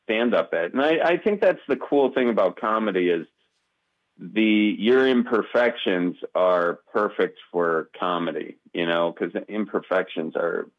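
A man with a Wisconsin accent, a comedian guest in a casual interview, talking haltingly with many restarts and fillers. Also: low voice, highs cut off.

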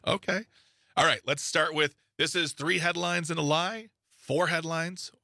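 Guy with a bright kinda high voice reading headlines off a page, tripping on words, dry close sound. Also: fairly even intonation, unhurried, gravelly, no room sound. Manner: reads news items aloud with asides and stumbles. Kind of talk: casual podcast chat.

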